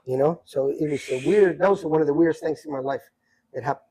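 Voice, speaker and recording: A middle-aged man telling stories from his life in a casual chat, animated and repeating himself as he acts out what people said. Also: a little high, quick pace, slightly rough, low-quality recording. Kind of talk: casual storytelling.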